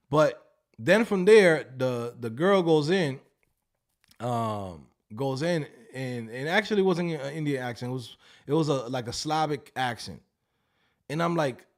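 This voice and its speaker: Guy on a live stream, kinda high voice, telling a story all animated and loose. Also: normal speed. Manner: animated storytelling, swears and laughs. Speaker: livestream host. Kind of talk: casual livestream chat.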